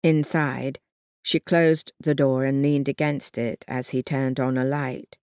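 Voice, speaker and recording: Slow, measured audiobook narrator. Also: mid-range voice, steady tone, darkish tone, clean tone, dry recording, studio quality. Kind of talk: scripted narration.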